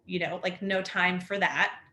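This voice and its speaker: A woman's voice: lowish voice, fairly even intonation, a little slow, sharp tone. A woman in her thirties, a house fire survivor, telling her story on a webinar in a rambling way full of fillers like "like" and "next thing you know.". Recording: echoey room.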